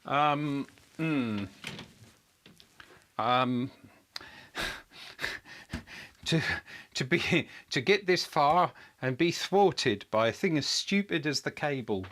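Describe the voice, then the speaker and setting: A man's voice: on the high side, animated, extremely slow, pauses often, fairly bright tone. A man on a live build stream, thinking aloud at his electronics workbench, muttering to himself while he checks parts and hunts for a lost cable, wry and self-deprecating. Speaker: electronics hobbyist host.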